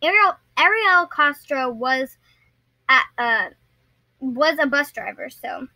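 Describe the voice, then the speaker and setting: A woman's voice: sits high, lively intonation, slow pace, bright, forceful tone, dry recording, poor audio. A young woman vlogger telling a story casually to her viewers, rambling and often stumbling and restarting her sentences.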